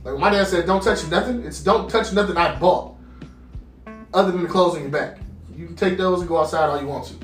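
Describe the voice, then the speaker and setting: A man's voice: on the high side, fast. A man co-hosting a casual podcast, telling stories from his childhood and acting out his parents' lines. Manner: animated, acts out quoted parents and friends. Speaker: podcast co-host. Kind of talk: casual storytelling chat. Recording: roomy sound from a distant mic with faint music.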